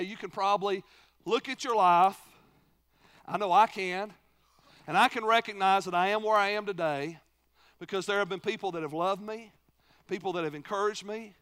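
High, bright-voiced preaching man. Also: smooth. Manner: preaching with rhetorical questions to the congregation; swings from loud emphasis to hushed, low delivery. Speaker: pastor. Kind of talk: sermon.

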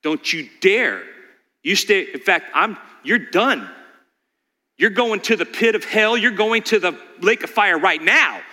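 A man's voice: sits high, expressive, a little slow, pushed and bright, heavily acted. A man voicing a stern, commanding male deity, in a reverberant hall.

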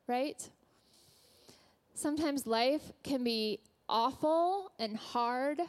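A woman preaching in a church with an earnest, gentle storytelling manner. Her voice sits a little high, and she speaks slowly and deliberately, lingering over each phrase. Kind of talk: sermon.

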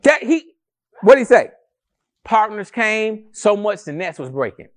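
Animated preaching pastor, man. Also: high voice, a little slow. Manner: animated, conversational preaching with rhetorical questions; addresses the congregation as family, calls for responses. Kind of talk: sermon. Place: church service with a congregation.

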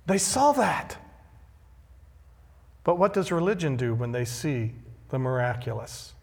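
Slow, emphatic male pastor preaching. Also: medium pitch, animated, vocal fry, a little mellow. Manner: emphatic, slow and deliberate preaching with repeated phrases. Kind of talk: sermon. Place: church sanctuary. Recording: long hall reverb.

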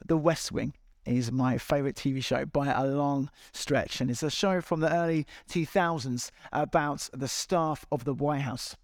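A man's voice: medium pitch, steady tone, normal speed, dry recording, clean studio sound. A man preaching a sermon to a large congregation, earnest and encouraging, with repeated appeals. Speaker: pastor. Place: large church hall.

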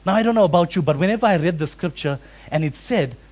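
Pastor preaching, high pitched, super animated, acts out the voices. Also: male voice, fast. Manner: animated, acts out quoted voices with big swings in loudness. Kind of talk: sermon.

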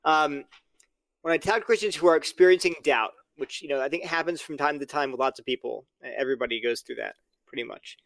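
A podcast guest with a high, creaky, fairly bright voice talks fast as he earnestly explains his view. He is argumentative and acts out both sides of imagined exchanges in a casual podcast conversation. The recording has no echo.

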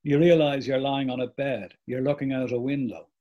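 A man reading aloud as a middle-aged father reflecting on lost memory, in a slow, reflective way. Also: medium pitch, steady tone, muffled recording, lightly acted. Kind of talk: reading a book passage aloud.

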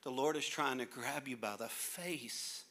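A man's voice: mid-range voice, fairly quick. A middle-aged man preaching a sermon, reading scripture and acting out funny little scenes with his kids. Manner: animated, humorous, acts out little scenes. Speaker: pastor.

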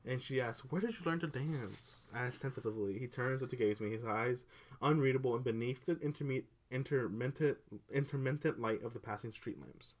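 A woman's voice: very deep voice, fairly even intonation, fairly quick. Rambling, laughing woman recapping a book. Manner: rambling, laughs often, swears casually. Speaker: podcast co-host. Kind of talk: casual book recap chat.

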